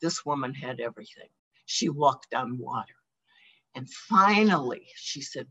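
An older American woman sharing her personal recovery story at a meeting, emotional and halting, with laughs and sighs between thoughts. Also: extremely low pitch, animated, fairly bright tone, slightly rough, rough recording. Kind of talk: personal testimony.

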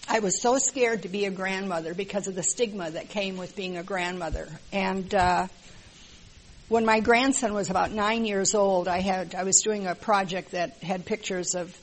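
A woman's voice: medium pitch, moderate pace, rough recording. An older woman from the American Midwest gives a candid, wry personal testimony at a support group meeting, with many filler words. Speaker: support group member sharing.

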